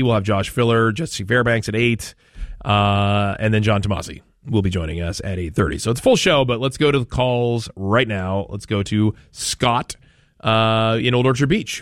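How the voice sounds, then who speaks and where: A man's voice: fairly low pitch, no echo, studio quality. A man from Maine hosting a talk radio show, chatting in a rambling way with frequent restarts. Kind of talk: casual talk radio chat.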